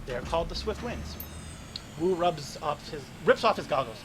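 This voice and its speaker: A man's voice: on the high side, lively intonation, moderate pace, a bit bright, a little hiss or hum. A man reading a game's story text aloud as the let's play narrator.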